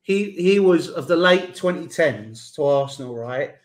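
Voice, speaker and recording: A man hosting a casual football talk show, excited and stumbling over his words. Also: fairly high pitch, measured pace. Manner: excited, stumbling restarts, swearing. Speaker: host.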